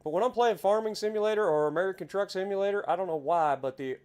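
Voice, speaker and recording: A man's voice: sits high, fast talker, clean tone. Chatty Appalachian man streaming a game. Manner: chatty, easily excited, exclaims at scenery. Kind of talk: casual gameplay commentary.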